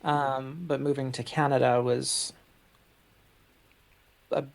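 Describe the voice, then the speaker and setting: A podcast co-host who grew up in the UK, talking through a film in a measured, hesitant way. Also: medium pitch, flat delivery, gravelly. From United Kingdom. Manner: measured, thoughtful, hesitant with fillers. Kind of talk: casual movie review chat.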